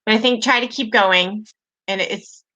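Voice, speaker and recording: A woman with a bright, clear voice who moderates the session from a video call. She speaks gently and reassuringly to keep the speaker going. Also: medium pitch, a little slow, lo-fi sound.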